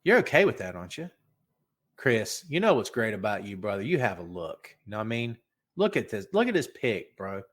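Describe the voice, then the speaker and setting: A man's voice: on the low side, big pitch swings, brisk, fairly bright tone. Man, middle-aged, podcast host, stuffy head cold, rambling joking chat, wrestling news.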